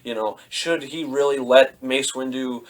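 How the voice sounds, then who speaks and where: A man's voice: mid-range voice, steady tone, measured pace. Rambling man reviewing a film. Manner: rambling, full of fillers. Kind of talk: casual movie review vlog.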